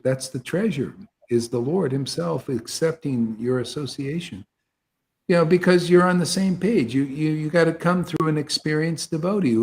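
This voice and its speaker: A man giving an impassioned devotional talk to an online group, preachy and fervent, swinging between soft asides and loud exclamations. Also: on the high side. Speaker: spiritual teacher leading an online satsang. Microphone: video call.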